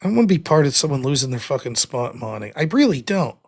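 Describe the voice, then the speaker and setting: A man's voice: medium pitch, sing-song, quick pace, vocal fry, a little mellow. A man hosting a livestream, venting in a casual, exasperated way with plenty of swearing and reading out viewer donations. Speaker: livestream show host.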